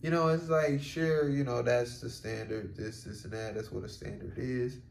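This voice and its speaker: A man's voice: mid-range voice, steady tone, normal speed, vocal fry, slight background noise. A man talking through a solo reflective podcast monologue in a rambling, casual way, full of fillers and offhand swearing. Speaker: podcast host. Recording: roomy echo.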